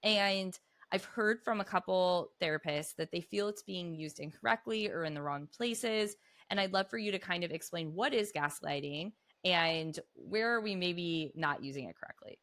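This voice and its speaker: A woman's voice: fairly low pitch, moderate pace, a bit bright. A woman hosting a podcast interview, a parent asking chatty, open questions. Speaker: podcast host.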